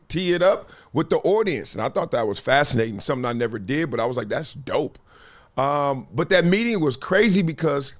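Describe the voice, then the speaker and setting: A middle-aged man hosting a talk show, telling stories in a slangy, animated way and acting out quotes. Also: fairly high pitch. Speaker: podcast host. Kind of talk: casual talk-show commentary.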